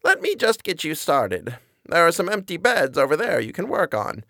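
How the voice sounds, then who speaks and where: A man's voice: fairly high pitch, sing-song, normal speed, creaky, pushed and bright, no echo, studio quality, pitched above the performer's own voice, heavily acted. Francine, a quavering old lady voiced by a man. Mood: sweet, doddering. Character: quavering stout old woman gardener, sweet and odd.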